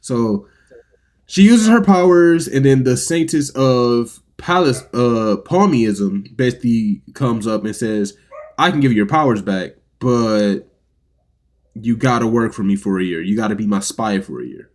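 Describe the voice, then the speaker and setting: A man's voice: medium pitch, expressive, unhurried, a little mellow. Casual man rambling through an anime plot. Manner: loose, rambling storytelling with quoted lines. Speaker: podcast co-host. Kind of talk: casual anime recap chat.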